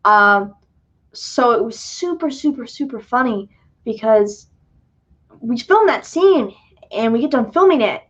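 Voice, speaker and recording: A woman's voice: on the high side, expressive, measured pace, pauses often. A young woman hosting a casual livestream Q&A, chatty and self-deprecating, with lots of fillers and laughs. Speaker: livestream host and filmmaker. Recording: dull lo-fi sound.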